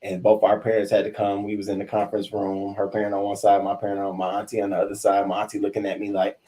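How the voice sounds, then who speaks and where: A young adult man with a slightly low voice tells stories in a confessional style at a quick pace. He's animated and profane, breaking into the voices of people he quotes, and drifts loosely between swagger and exasperation.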